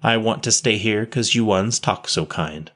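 A man reading a story, voicing a poor street boy who talks in rough slang with double negatives. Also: lowish voice, a little slow, a bit bright. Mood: wistful, eager. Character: ragged, shy street boy, near twelve.

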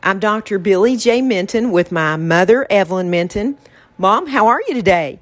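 A woman's voice: mid-range voice, expressive, moderate pace. A woman hosting a podcast, talking in a reflective, casual way about faith and getting through hard times. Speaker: podcast host.

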